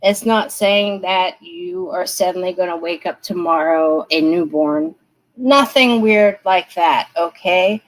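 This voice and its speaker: A woman's voice: on the low side, slow pace, rough recording. A woman giving tarot readings on a live stream, chatting straight to her viewers and laughing often. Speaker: tarot reader.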